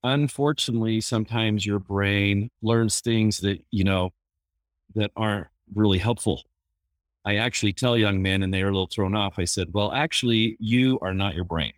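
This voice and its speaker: A man's voice: lowish voice, moderate pace, no echo. A man who works as a therapist, telling anecdotes in an easygoing, casual way with plenty of fillers. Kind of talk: casual storytelling.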